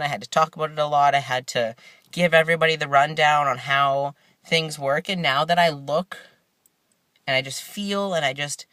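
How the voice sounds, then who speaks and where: A young man sits in his parked car talking straight to the camera, relaxed and rambling, his thoughts full of fillers and restarts. His voice sits a little high for a man. The sound is dry and close, with no room echo. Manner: rambling, laid-back, many fillers and restarts. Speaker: vlogger. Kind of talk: casual vlog chat.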